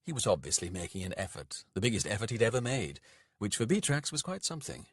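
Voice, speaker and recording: A man narrating an audiobook in a gentle, measured reading. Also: lowish voice, very animated, breathy edge, dry recording, studio quality. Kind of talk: scripted narration.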